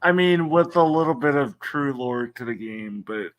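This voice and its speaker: A man co-hosting a casual chat, brisk and steering the talk along. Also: medium pitch, animated, dry recording.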